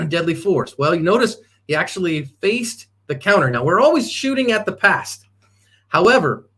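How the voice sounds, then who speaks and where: Emphatic man teaching a self-defense seminar. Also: a little high. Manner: emphatic, animated, with fillers and restarts. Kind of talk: live seminar talk.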